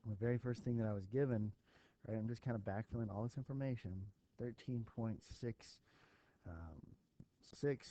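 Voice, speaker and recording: Man teacher, warm relaxed tone, lo-fi recording, talks through steps with ums. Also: mid-range voice. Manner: thinking aloud with fillers, talking to students. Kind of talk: recorded math lesson walkthrough.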